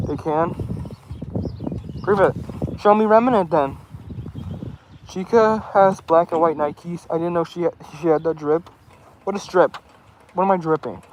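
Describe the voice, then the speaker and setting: High-voiced man rambling at his chat. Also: a little slow, long pauses, a little hiss or hum, rough recording. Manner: rambling and defensive, stumbling restarts. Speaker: streamer answering chat. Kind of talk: casual in-character livestream chat.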